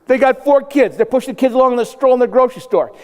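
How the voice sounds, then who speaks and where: An older South Dakota man, a motivational speaker, gives a humorous keynote to a live audience in a very high-pitched, very fast, slightly mellow voice. He tells stories with acted-out quotes and punchy asides, and the recording carries a long hall reverb.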